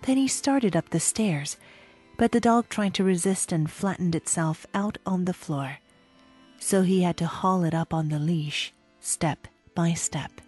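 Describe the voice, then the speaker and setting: Female audiobook narrator: low, warm tone, slow, measured delivery. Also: slightly rough, faint music behind. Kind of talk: audiobook reading.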